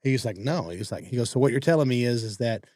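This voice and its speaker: A man talks at a brisk clip, telling a story on a podcast. He slips into other people's voices as he quotes them. The sound is close and dry, with no room echo. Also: mid-range voice. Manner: fast-talking, animated quoting of others. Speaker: podcast co-host. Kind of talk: casual storytelling.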